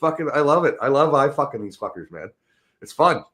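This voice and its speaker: A man's voice: medium pitch, sing-song, a little fast, fairly bright tone. A middle-aged man ranting in casual chat, profane and rambling, laughing as he talks. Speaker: podcast host.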